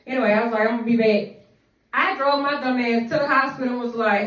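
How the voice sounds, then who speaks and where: A woman's voice: on the high side, steady tone, fast, fairly bright tone. A woman telling a rambling, profane personal story in a casual storytime monologue. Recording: echoey room, voice from a distance.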